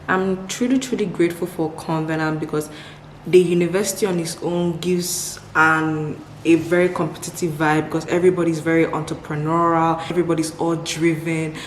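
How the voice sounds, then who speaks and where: A young woman from Nigeria chats to her camera, answering questions in a low, upbeat voice and doubling words for emphasis. The room is echoey, with a faint ambient hum behind her. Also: little pitch movement, moderate pace. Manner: upbeat, repeats words for emphasis, laughs often. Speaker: vlogger. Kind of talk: casual Q&A chat to camera.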